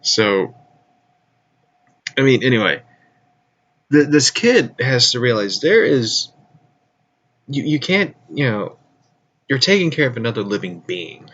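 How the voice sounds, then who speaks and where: A man's voice: medium pitch, sing-song, measured pace, long pauses, fairly bright tone, breathy edge, highs cut off. A man rambling casually through news and geek topics, loose and profane, with frequent restarts. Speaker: vlogger.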